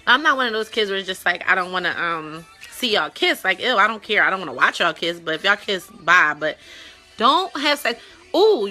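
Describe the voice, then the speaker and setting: Brief: young woman hosting a casual web talk show, playful and profane, sharp bright voice. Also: mid-range voice. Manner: blunt, profane, playful, with loud mock-disgusted outbursts. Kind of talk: casual chat, reacting to viewer stories.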